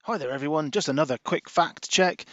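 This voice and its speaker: A man's voice: a little high, fairly quick, dull audio, a crowd in the background. A British man giving a short voice-over correction on a podcast in a chirpy tone. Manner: chirpy, brief announcement. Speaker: podcast host adding a correction. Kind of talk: recorded voice-over insert.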